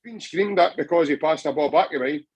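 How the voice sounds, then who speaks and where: A man's voice: a little high, fast, husky, no room sound, lo-fi sound. A Scottish man chatting passionately about football on a podcast, rambling with many restarts. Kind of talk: casual football chat.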